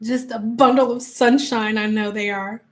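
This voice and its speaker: Woman, livestream host, casual chat with viewers, higher voice, laughs often, acts out quoted voices. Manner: chatty and animated, acting out quick quoted voices; laughs often while talking. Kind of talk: casual chat answering live comments.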